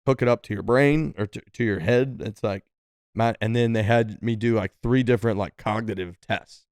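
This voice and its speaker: A man's voice: on the low side, normal speed, a little mellow, clear, resonant tone, dry recording. A man co-hosting a podcast, telling a long story casually with lots of "like" and "dude" and quoting people in changed voices. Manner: rambling, lots of "like" and "dude", quotes others in different voices. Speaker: podcast co-host.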